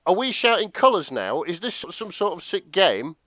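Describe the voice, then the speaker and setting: A man doing a naive, excitable young hero. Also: sits high, normal speed, no echo, clean studio sound, pitched above the performer's own voice. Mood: indignant.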